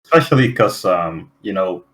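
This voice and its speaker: A man's voice: low voice, lively intonation, normal speed, a bit bright, poor audio. A young man from the Netherlands, chatting casually as podcast co-host, hesitant with many fillers. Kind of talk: casual chat.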